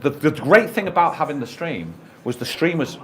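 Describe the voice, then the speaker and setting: A man in his fifties with a fairly high, expressive voice talks at normal speed over faint music. Co-hosting a radio show from the studio, he chats casually as a jokey storyteller who swears freely.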